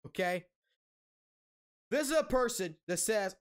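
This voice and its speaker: A man's voice: high voice, big pitch swings, moderate pace, fairly bright tone. A man streaming a casual rant, angry and heavily profane, blunt, repeating himself for emphasis.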